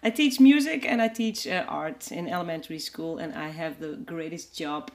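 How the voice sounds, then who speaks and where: A woman's voice: deep voice, moderate pace, a little mellow. A woman, a teacher, chatting as a guest on a podcast, giggly and self-deprecating. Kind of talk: casual chat.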